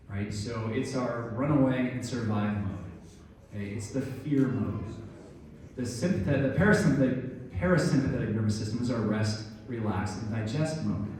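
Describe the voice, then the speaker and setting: A man's voice: medium pitch, mellow, far from the mic, a little hiss or hum. A middle-aged man giving an instructive talk on stress and injury, explaining things and speaking straight to his listeners, recorded in a very echoey room from off-mic. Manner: explanatory, addresses listeners directly. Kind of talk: instructive talk with a guided breathing exercise.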